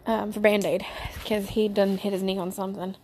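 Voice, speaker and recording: A woman chatting casually to the camera at home, rambling from one thing to the next and sometimes dropping into a hushed whisper. Her voice sits in a middle register for a woman. The home recording carries clear background noise. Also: medium pitch, level tone, a little fast. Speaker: mother of young children. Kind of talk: casual home vlog chat.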